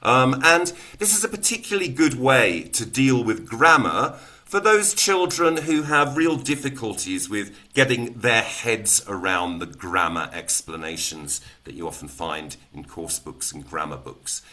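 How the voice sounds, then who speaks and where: A man, a teacher trainer giving a lesson who explains calmly and then breaks into loud, rhythmic chants. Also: mid-range voice, measured pace.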